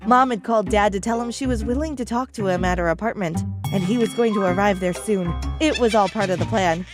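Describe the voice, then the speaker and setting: A woman narrating an animated story in a lively, chatty first-person style. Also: medium pitch, a little fast. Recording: background music under the voice.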